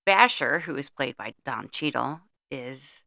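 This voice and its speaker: A middle-aged woman co-hosting a podcast chats casually through a film's plot for a movie review, blunt and swearing freely. Her low, gravelly voice has a bright, sharp edge, lively intonation and a slightly slow pace. The sound is close and dry, with no room sound.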